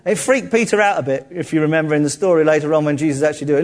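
Preacher guy, chatty and jokey, slightly high voice. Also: very fast, few pauses. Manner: lively, jokey, conversational, acts out quotes. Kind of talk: sermon.

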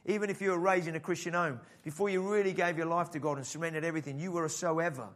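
A man preaching a sermon in an animated style, acting out the voices in the story. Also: a little high, fast. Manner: animated preaching, acts out the father's voice. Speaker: pastor.

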